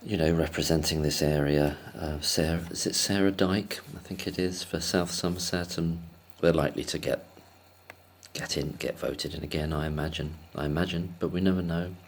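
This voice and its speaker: A man's voice: rumbling low, fairly even intonation, moderate pace. A man telling a casual, rambling story to camera, hesitant and self-deprecating, chuckling often. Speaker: vlogger.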